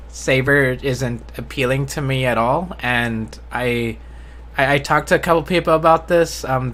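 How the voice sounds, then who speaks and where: A man in casual live-stream talk, his voice bright and forward. He speaks in a flat, low-enthusiasm way, restarting his sentences with repeated words. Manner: self-described monotone, low enthusiasm. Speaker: host.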